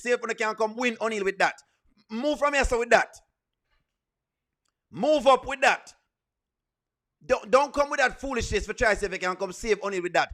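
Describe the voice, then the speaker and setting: A man reacting to a comedy skit speaks in a high-pitched, bright, and forceful way. His commentary is an emphatic scolding, with repetition used for effect.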